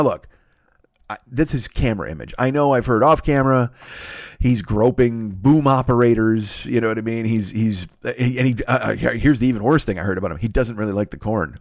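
A man's voice: medium pitch, dry recording, clean studio sound. A man hosting a comedy podcast, ranting in a rambling, profane way with many restarts and sudden jumps in energy. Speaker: podcast host.

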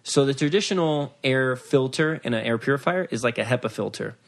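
A man chatting casually as a podcast co-host, with a mid-range voice. He rambles and corrects himself mid-sentence, then gets animated when a joke takes off. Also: mid-range voice, a little fast, creaky. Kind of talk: casual chat with a sponsor read.

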